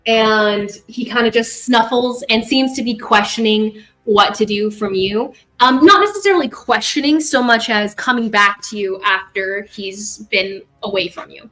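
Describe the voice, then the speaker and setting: High-voiced woman running a tabletop game. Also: normal speed, hardly any pauses, a bit bright, poor audio. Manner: rambling, self-correcting, with sound effects. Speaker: game master.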